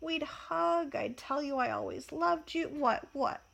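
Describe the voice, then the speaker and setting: A woman's voice: high voice, measured pace, creaky, a bit bright, voice pushed up, heavily acted. A woman reading the lines of a sulky, sarcastic teenage boy wizard in a storybook reading. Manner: sarcastic, mocking.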